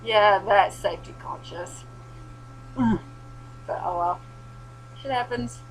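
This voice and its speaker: A woman's voice: medium pitch, takes it slowly, low-quality recording. A young woman recaps an adventure for her vlog, swearing freely and laughing as she goes. Her voice sits in an ordinary middle register. A faint hum runs under the recording. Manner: animated, sweary, laughing storyteller. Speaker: vlogger. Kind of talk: casual storytelling recap.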